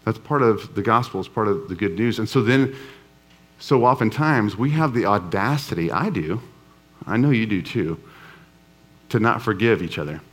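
A man preaching a sermon to a live congregation in a relaxed, storytelling way with touches of humor. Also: on the low side, moderate pace. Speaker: pastor. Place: church before a live congregation.

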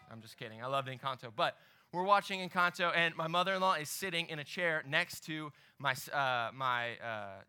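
Young male ministry leader, very bright tone, mid pitch, chatty storytelling sermon. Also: clear, resonant tone. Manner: conversational preaching, animated storytelling with asides to the audience.

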